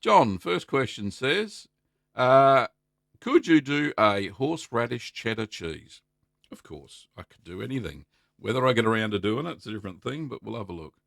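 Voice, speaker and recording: A middle-aged Australian man hosting a casual live stream, chatty and relaxed, greeting viewers by name and filling pauses with ums. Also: medium pitch, creaky, no room sound, clean studio sound. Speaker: livestream host answering cheesemaking questions.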